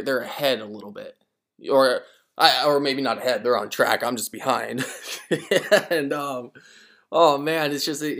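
A young man in his mid-twenties hosts his podcast alone and tells stories in a loose, rambling way. He trips over his words, repeats himself, and slips into quick voices for the people he quotes. His pitch sits in an ordinary middle range for a man. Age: 20s. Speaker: podcast host. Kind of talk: casual solo storytelling.

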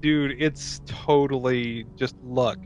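A man's voice: medium pitch, slow, dull audio, faint music behind. A man co-hosting a casual podcast, swearing freely and acting out bits of a movie. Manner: animated, swears a lot, acts out movie lines. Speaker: podcast co-host. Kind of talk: casual chat.

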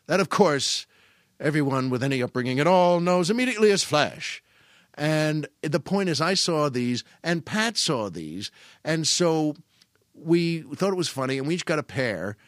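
A man's voice: fairly high pitch, expressive, normal speed, no room sound, clean studio sound. A middle-aged man telling a funny family story in casual monologue, self-mocking and full of restarts. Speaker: podcast host.

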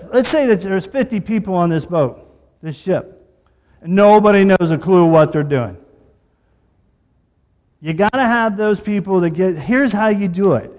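A man's voice: sits high, darkish tone. A male pastor preaching a sermon in a conversational way, with personal asides and rhetorical questions. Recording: long reverb of a large hall.

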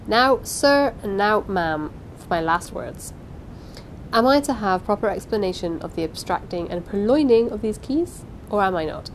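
A woman's voice: medium pitch, animated, normal speed, slight background noise, close to an everyday voice, rough recording. A woman reading aloud and voicing a pompous, angry middle-aged male steward who blusters with contempt. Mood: blustering. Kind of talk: audiobook reading.

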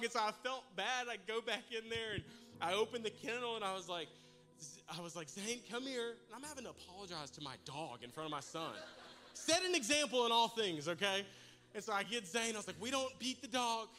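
A man preaching to his congregation, telling a comic personal story with animated, humorous delivery. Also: sits high, a little fast, soft background music. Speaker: pastor. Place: church service in a large room.

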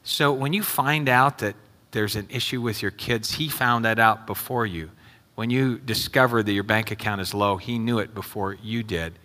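A man's voice: on the low side, moderate pace, pushed and bright. A male pastor preaching an earnest sermon and often repeating his questions to the congregation. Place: church sanctuary. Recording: long reverb in a hall.

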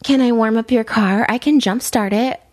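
A woman's voice: on the high side, normal speed, darkish tone. A woman hosting a casual podcast, talking bluntly with lots of swearing and rambling restarts as she reacts to messages she reads aloud. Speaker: podcast host.

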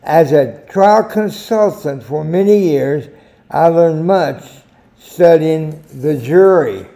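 An older American man hosting a short editorial, telling anecdotes in a slow, deliberate storytelling manner. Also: a little high, vocal fry, dark tone. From United States. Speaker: editorial host.

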